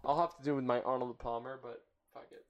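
A man in casual chat during a word-guessing game, animated and joking, swearing freely. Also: mid-range voice, quick pace.

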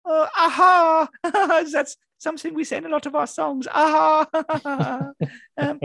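A man voicing a female Swedish pop singer in a squeaky, high, giggly put-on voice. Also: steady tone, measured pace, gravelly, pushed and bright, heavily acted. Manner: giggly, comically high-pitched.

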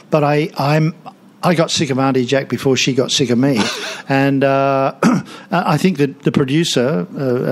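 A man in his seventies, a guest telling anecdotes in a studio interview, chatty and laughing often, with many restarts. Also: mid-range voice. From Australia. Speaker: guest, TV comedian and author. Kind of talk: casual interview storytelling.

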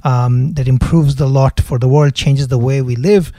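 A man's voice: mid-range voice, fairly even intonation, moderate pace, mellow, dry recording. A man co-hosting a finance podcast, explaining his views thoughtfully with frequent hesitations and restarts. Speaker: podcast co-host, investment analyst. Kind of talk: casual explanatory chat.

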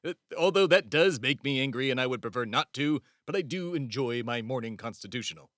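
A man's voice: medium pitch, expressive, fairly quick, a bit bright. A young man from Texas hosting a satirical comedy podcast, rambling and stumbling in a mock-pompous rant. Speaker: podcast host.

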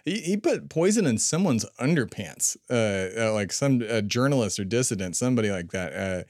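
A man's voice: lowish voice, expressive, normal speed, darkish tone, no echo, clean studio sound. A man co-hosting a podcast, chatting casually in a blunt, joking way with some swearing. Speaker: podcast co-host. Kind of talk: casual chat.

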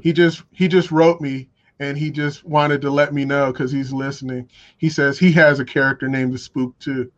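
A man's voice: medium pitch, level tone, normal speed. A man co-hosting a talk show who reacts briefly and asks questions. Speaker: co-host. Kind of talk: casual chat. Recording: dull lo-fi audio.

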